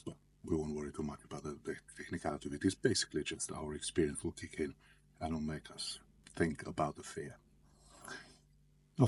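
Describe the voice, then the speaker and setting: A man with a very deep, heavily husky voice explains things conversationally. He talks like a therapist and drifts into frequent asides along the way. His tone is loose and plainspoken rather than polished. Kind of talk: explanatory talk.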